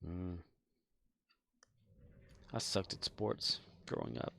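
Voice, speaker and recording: Streamer guy, gravelly and loose, jokey self-deprecating asides while he plays. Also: low-pitched, big pitch swings, slow, sharp tone. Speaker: game streamer. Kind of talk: casual live-stream chat while gaming.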